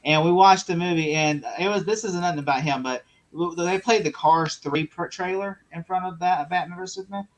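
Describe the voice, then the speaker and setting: A man's voice: high-pitched, fairly even intonation, fairly quick, few pauses. A young man hosting a casual movie chat, telling rambling stories and laughing as he acts out what people said. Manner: rambling, laughing storyteller who acts out voices. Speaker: host.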